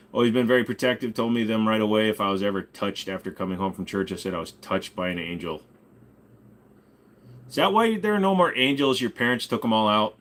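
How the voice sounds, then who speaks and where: A man hosting a loose ask-me-anything livestream, answering chat with crude jokes and frequent swearing. His voice moves a lot, jumping between low mutters and higher bursts. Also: a bit bright. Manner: profane, joking, reads chat while bidding. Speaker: streamer host.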